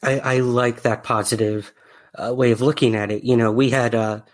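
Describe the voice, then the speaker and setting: A man's voice: mid-range voice, fairly even intonation, moderate pace. A man hosting a podcast interview, asking questions in a friendly way with many fillers, and reading out listener questions. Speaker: podcast host.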